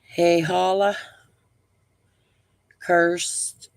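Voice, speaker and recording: A woman's voice: on the low side, flat delivery, very slow, vocal fry, dry recording. A middle-aged woman hosting a casual live stream. She talks bluntly, rambles, swears freely and breathes heavily.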